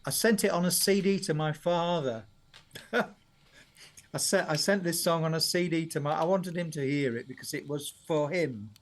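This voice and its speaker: A man's voice: on the high side, unhurried. Chatty older man. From Sheffield, Yorkshire, England. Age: 70s. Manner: chatty, rambling storyteller who laughs often. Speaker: songwriter guest. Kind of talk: radio interview chat.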